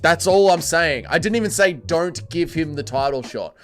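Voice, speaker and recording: Crude joking streamer. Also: male voice, on the high side, animated, normal speed. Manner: crude, joking, reads chat aloud. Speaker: livestream host. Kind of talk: casual livestream chat reading.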